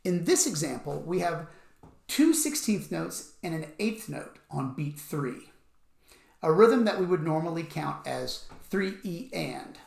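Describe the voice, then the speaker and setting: Slow, patient male music teacher. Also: fairly high pitch, very animated, vocal fry. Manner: patient, methodical, counts beats out loud. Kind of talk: instructional explanation with counting aloud. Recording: echoey room.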